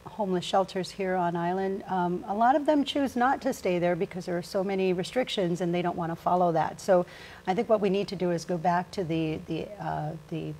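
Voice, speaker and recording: A woman's voice: lowish voice, a little fast, a little mellow. A woman from Guam, a senator running again, answering panel questions hesitantly while searching for words. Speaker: senator and candidate.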